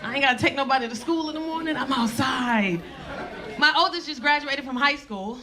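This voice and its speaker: A woman's voice: high-pitched, quick pace, very noisy. A woman in her forties doing a brash, profane stand-up set on a comedy club stage. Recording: live club crowd laughing.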